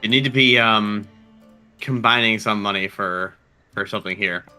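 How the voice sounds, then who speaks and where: Guy running a dnd game, low-ish voice, bright and punchy, music playing behind. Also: moderate pace, clear, resonant tone. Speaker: dungeon master. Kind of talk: running a tabletop game, casual.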